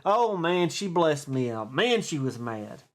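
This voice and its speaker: A man's voice: medium pitch, lively intonation, measured pace. A man with an East Tennessee accent, rambling in a chatty, folksy way through a casual vlog monologue, full of fillers and restarts. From East Tennessee, USA. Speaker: stock and crypto video host.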